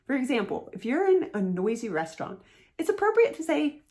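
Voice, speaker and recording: A woman's voice: high voice, big pitch swings, a little fast, darkish tone. A woman giving an encouraging instructional talk to camera about asking people to repeat themselves. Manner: earnest, encouraging, acts out sample phrases. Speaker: hearing-loss educator.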